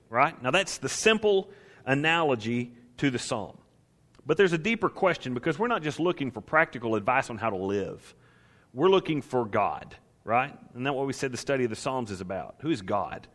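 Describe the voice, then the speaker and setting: A man's voice: medium pitch, fairly bright tone. A male preacher giving a conversational sermon on the Psalms. He is emphatic and keeps pressing the congregation with repeated rhetorical questions.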